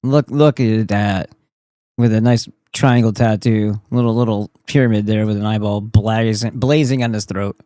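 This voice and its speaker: A man streaming and reacting to clips, talking in a rambling, profane way with many halting restarts. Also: lowish voice, steady tone, mellow, no room sound. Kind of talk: profane casual commentary.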